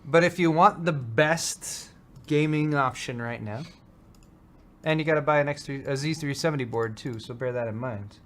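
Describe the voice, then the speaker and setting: A man's voice: mid-range voice, moderate pace, slight background noise. A man hosting a casual tech show, answering hardware questions in a loose, rambling way. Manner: rambling, restarts sentences, easygoing. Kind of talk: casual chat.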